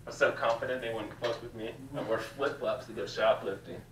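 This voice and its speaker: A man's voice: mid-range voice, fairly even intonation, fairly quick. A man doing a stand-up set, telling loose, confessional stories full of swearing in a small cafe comedy room. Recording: roomy, distant with faint room noise.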